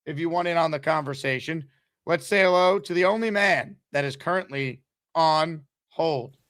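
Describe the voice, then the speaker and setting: Hyped New sports host. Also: male voice, fairly high pitch, dry recording, clean studio sound. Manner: energetic, hyped, fast promo reads. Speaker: sports talk show host. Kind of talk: live call-in sports show.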